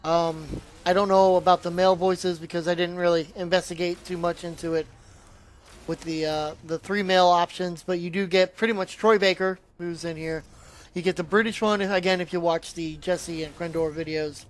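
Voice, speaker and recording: A man's voice: high-pitched, steady tone, normal speed. A man giving a casual, rambling spoken review of a video game, often trailing off and restarting his sentences.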